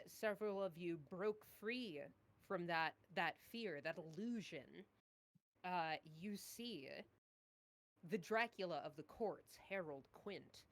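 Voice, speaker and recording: A woman narrating as dungeon master in a casual tabletop game, unhurried and halting, with many fillers. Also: lowish voice, fairly bright tone.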